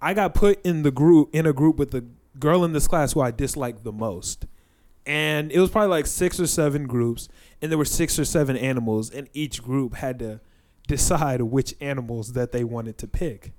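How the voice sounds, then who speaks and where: A man's voice: medium pitch, moderate pace, a little mellow. A young man hosting a casual podcast chat, telling loose, profane stories full of fillers. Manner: loose, profane storytelling with lots of "like". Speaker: podcast host.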